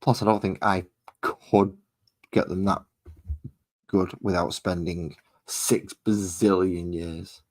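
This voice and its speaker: A man's voice: low-pitched, steady tone, slow pace, pauses often, rough recording. A man chatting casually and thinking aloud, a little self-deprecating, while he paints miniatures at his hobby desk at home.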